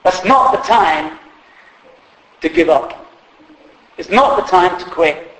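A man's voice: high voice, lively intonation, slow pace, fairly bright tone. A man preaching a sermon in a humorous, conversational way, acting out quotes along the way. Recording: echoey hall.

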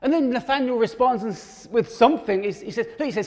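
A man's voice: very high voice, fast, dark tone. A man preaching a sermon, reading scripture and then explaining it in a conversational way with fillers and restarts. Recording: long hall reverb.

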